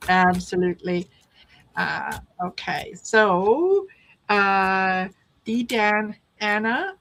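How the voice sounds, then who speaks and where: A woman's voice: fairly high pitch, fairly bright tone, slight background noise, low-quality recording. A woman hosting a live tarot reading stream, chatting casually and calling out viewers by name. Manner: friendly, calls out viewer names.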